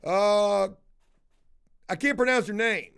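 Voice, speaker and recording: A man's voice: high voice, takes it slowly, vocal fry, clean tone. A man streaming live, telling a story in a casual way. He swears a lot and keeps breaking off to call out viewers in the chat. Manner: profane and animated, calling out viewers in the chat.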